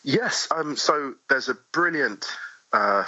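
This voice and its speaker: A man talking as a guest in a casual podcast chat, animated and quick with asides, often laughing easily. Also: mid-range voice, dry recording, dull audio. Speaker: guest poet.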